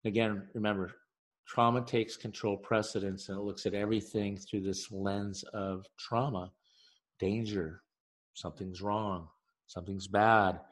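A man with a fairly low voice tells an animated story on a podcast, full of asides and little detours. He repeats key phrases for emphasis as he talks about relationships like the therapist he is. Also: a little slow. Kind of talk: podcast monologue.

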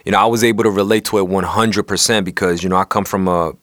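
A young man with a deep, low voice and a New York City accent talks in a casual, slangy way, full of street talk and bursts of animation. The sound is close and dry with no room around it. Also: steady tone, quick pace, fairly bright tone, dry recording. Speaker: co-host. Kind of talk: casual chat.

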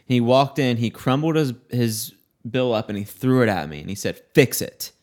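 A man's voice: mid-range voice, expressive, moderate pace, a little mellow. Give me a blunt man telling a story. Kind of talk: casual chat.

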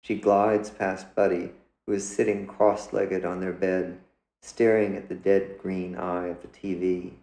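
A man, the author, reading his own literary story aloud in a measured, deliberate way. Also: deep voice, level tone, darkish tone, roomy sound, low-quality recording. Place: indoors.

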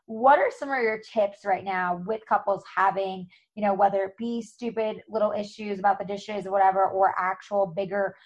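A woman's voice: medium pitch, steady tone, normal speed, few pauses. A heavily pregnant woman hosting a casual chat, rambling with many likes. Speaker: podcast host. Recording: dull muffled audio.

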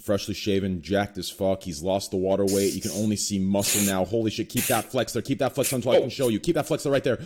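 A young man with a fairly low voice hosts a rowdy podcast in casual chat. His banter is crude and jokey. When he introduces a guest, he drops into a hushed, low murmur. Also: fast talker, hardly any pauses. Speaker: podcast host.

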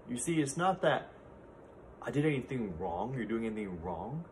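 A man's voice: mid-range voice, very animated, moderate pace, a little hiss or hum. A man in his thirties hosting a solo podcast, speaking in an earnest, heartfelt way from his own experience. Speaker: podcast host. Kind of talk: reflective solo talk.

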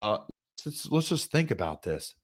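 A man's voice: fairly low pitch, big pitch swings, moderate pace, slightly rough. A man hosting a casual sports interview, earnest and reflective, asking a lot of rhetorical questions. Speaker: podcast host, former player.

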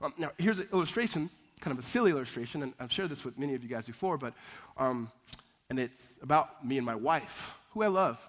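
A male pastor preaching a sermon, telling lively stories with laughter and acting out both sides of a conversation. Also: mid-range voice, brisk. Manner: animated storytelling, acting out dialogue, laughing often. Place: church.

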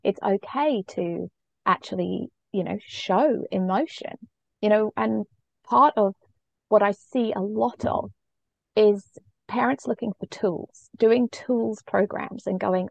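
A middle-aged parenting coach, guesting on a podcast, tells her story conversationally, earnest, reflective, and emotionally open. Her medium-pitched voice is gravelly and a little mellow, unhurried, with no room sound.

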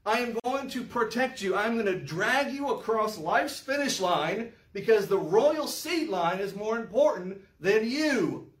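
Male Bible teacher, high-pitched, emphatic and wry, miked from a distance. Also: measured pace, hardly any pauses. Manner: animated, emphatic, with sarcastic asides. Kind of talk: verse-by-verse Bible study lesson. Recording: roomy echo, mic far off.

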